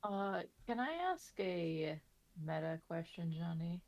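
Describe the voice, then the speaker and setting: A woman's voice: fairly low pitch, slow, no echo, highs cut off. A woman playing a tabletop game, blunt and joking, with some swearing. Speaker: player.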